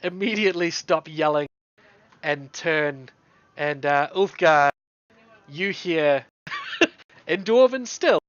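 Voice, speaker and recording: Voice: medium pitch, slow, pauses often, no room sound. New game master, dull recording. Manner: relaxed, laughs often. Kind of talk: narrating a tabletop game.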